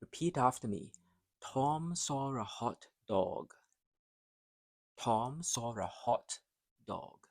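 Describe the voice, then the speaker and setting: A man teaching English pronunciation, carefully modelling words and phrases, then pausing so learners can repeat after him. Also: medium pitch, animated, creaky, a little mellow, no echo, clean studio sound. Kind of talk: slow, deliberate pronunciation drill.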